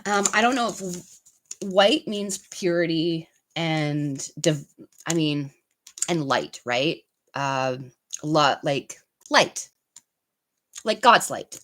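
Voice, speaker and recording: A woman giving tarot card readings on a live stream. She speaks very slowly and gently, pausing often and filling gaps with soft ums. Her voice sits a little low, with a faint hiss behind it. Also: lively intonation, rough recording. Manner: soft, unhurried, full of pauses and fillers. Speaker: tarot reader and channel host.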